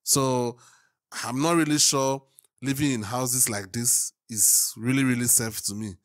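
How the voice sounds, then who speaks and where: A man from Africa hosting a casual reaction video, musing and thinking aloud with pauses. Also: mid-range voice, steady tone.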